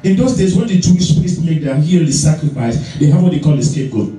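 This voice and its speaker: A man preaching a sermon as pastor, animated and repetitive, acting out the voices in his stories. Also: a little high, fast talker, distant mic. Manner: animated, acts out voices, repeats phrases. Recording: echoey church hall, heard from afar.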